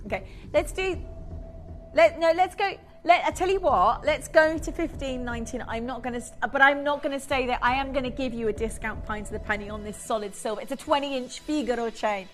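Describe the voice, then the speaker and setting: A woman presenting on a live shopping channel, chatty and excitable, laughing often and reading out buyers' names. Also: high-pitched, a little fast, soft background music. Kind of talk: live TV sales pitch.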